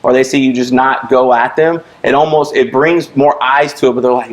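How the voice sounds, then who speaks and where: A man hosting a casual podcast chat, relaxed and swearing freely. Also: medium pitch, brisk, rough recording. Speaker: podcast host.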